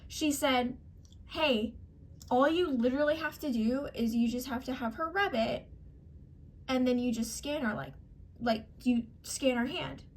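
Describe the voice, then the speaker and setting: Young woman, high voice, casual storytime vlog, exasperated, emphatic, close mic. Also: a bit bright. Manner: exasperated, emphatic, quoting others in acted voices. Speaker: vlogger.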